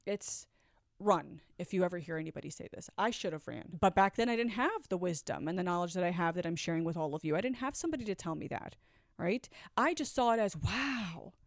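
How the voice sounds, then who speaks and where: A woman in her forties telling her own story earnestly, swinging from loud urgency to hushed asides. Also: lowish voice, lively intonation, fast talker, dry recording, clean studio sound. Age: 40s. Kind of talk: confessional storytelling.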